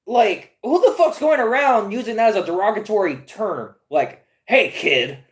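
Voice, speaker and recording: A twenties woman who hosts a comics podcast rambles casually while reading aloud from a screen, sounding profane and incredulous and stammering through restarts. Her voice is medium-pitched, expressive and a little mellow, with a moderate pace, and the recording is reverberant.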